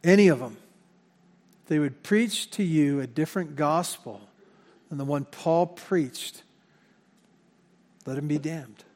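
A pastor preaches a sermon in a church sanctuary, his voice a little high and darkish in tone, slow-paced with frequent pauses. He talks conversationally, often repeating words as he corrects himself. Long hall reverb fills the recording.

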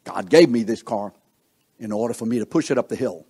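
With a warm, breathy, medium-pitched voice and lively intonation, a man preaches briskly in a conversational style. He often puts questions to his listeners and acts out what people are thinking.

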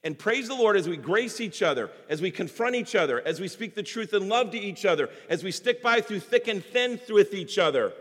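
A man pastor preaching a sermon, swinging from loud emphatic exhortation to hushed, intimate tones. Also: high voice, lively intonation, a little fast, hardly any pauses. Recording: hall reverb.

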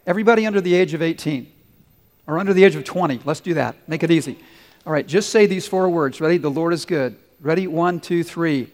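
A man preaching a sermon as pastor, earnest and leading his congregation in call-and-response. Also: a little high. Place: large church sanctuary. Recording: long hall reverb.

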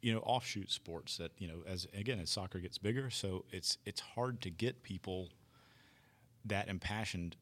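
Very deep-voiced man, rambling. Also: moderate pace, fairly bright tone. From United States. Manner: rambling, thoughtful, many fillers. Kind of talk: casual chat.

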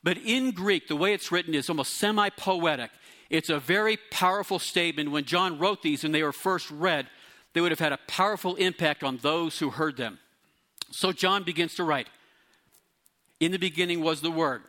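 A middle-aged man preaching a sermon to his congregation, teaching and explaining Greek words with lively emphasis. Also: a little high, normal speed. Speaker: pastor.

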